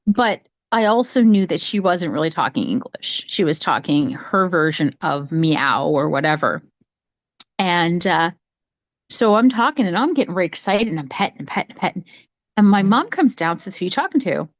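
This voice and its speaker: A woman talking casually from home on a video call, telling a childhood story in a rambling, animated way with many restarts. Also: on the low side, normal speed, dry recording. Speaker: psychic medium sharing her story. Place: home, cat nearby.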